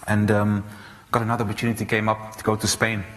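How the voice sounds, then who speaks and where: A man in his thirties from South Africa, giving an animated storytelling talk on stage, full of restarts and fillers. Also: lowish voice, quick pace. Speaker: speaker. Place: large auditorium. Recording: reverberant hall, faint noise.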